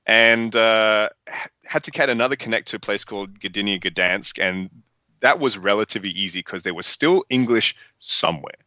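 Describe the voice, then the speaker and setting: A man's voice: on the low side, moderate pace, no room sound, lo-fi sound. A young Australian man telling rambling, sweary stories in a casual podcast interview. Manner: rambling, sweary, animated storytelling. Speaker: guest.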